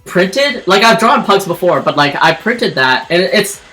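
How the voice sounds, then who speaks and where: A woman's voice: lowish voice, lively intonation, a little slow, a bit bright, soft background music. A woman streamer telling a personal story in casual chat while drawing, rambling with lots of fillers and restarts. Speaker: streamer and artist.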